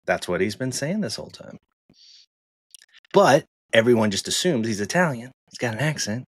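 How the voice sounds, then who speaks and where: A man co-hosting a casual tech podcast, chatty and animated, laughing easily as he talks. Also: medium pitch, moderate pace, husky, no echo. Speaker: podcast co-host.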